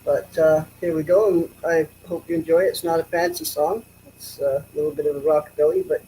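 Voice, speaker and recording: A male musician speaking as a guest in a casual interview, halting and restarting his words often. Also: a little high, fairly even intonation, background noise.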